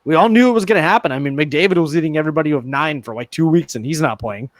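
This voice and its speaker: A man hosting a relaxed podcast chat with a slightly raised voice. He jokes around and laughs a lot, and his voice sits close and dry with no room echo. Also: on the high side, very fast. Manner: joking, laughs often. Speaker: podcast host.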